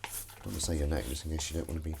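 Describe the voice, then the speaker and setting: A man hosting a casual live stream, rambling and self-mocking with sudden shouts while he does the washing up at home. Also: a bass voice, fairly even intonation, racing, creaky, background noise. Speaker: streamer host. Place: home kitchen, doing the washing up. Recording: clattering dishes and running water.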